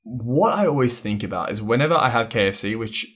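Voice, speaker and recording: A man's voice: mid-range voice, lively intonation, fairly quick, fairly bright tone. A young man co-hosting a podcast, chatting casually and laughing often. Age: young adult. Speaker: podcast co-host. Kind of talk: casual chat.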